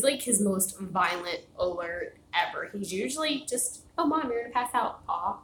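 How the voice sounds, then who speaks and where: This livestream host has a lowish, fairly bright voice and rambles through casual talk from home, laughing often. By the end she sounds worn out and short of breath, and the echoey room carries a little faint noise.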